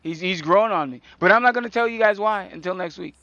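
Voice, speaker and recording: A man's voice: sits high, fast talker, sharp tone, no echo, dull audio. A man co-hosting a casual podcast chat, teasing and laughing often. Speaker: podcast co-host.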